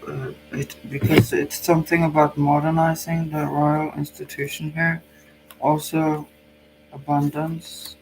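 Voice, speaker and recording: A man with a Norwegian accent and a cold gives a tarot reading. He speaks slowly in a fairly high voice, pausing and thinking aloud, with a faint hum behind him. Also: low-quality recording. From Norway. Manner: musing, hesitant, thinks aloud. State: has a cold. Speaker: psychic channel host.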